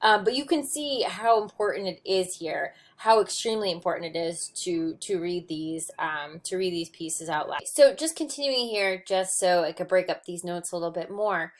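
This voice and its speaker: A woman's voice: fairly low pitch, normal speed, few pauses. A woman delivers a recorded lecture on poetry, talking through her notes. Her explanations are patient and loose, full of ums and small restarts as she works through each point. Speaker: teacher.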